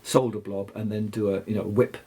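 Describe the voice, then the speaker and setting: An older man, telling rambling fishing stories as a guest, halting and restarting often. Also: on the low side, flat delivery, warm tone. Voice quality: gravelly, husky. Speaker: guest angler. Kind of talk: anecdotal storytelling.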